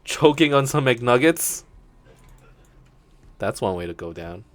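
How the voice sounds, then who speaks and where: A young man chatting over a game session, wandering from one story to the next and swearing casually. His pitch rises and falls freely as he talks, and he sounds lively and animated. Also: slow, no room sound. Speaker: gaming channel host. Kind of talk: let's play commentary.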